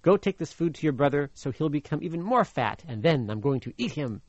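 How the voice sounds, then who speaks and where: A man's voice: a little high, big pitch swings, brisk, no room sound. A man voicing a wicked old woman witch in a storybook read-aloud, with a slightly muffled radio sound. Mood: menacing.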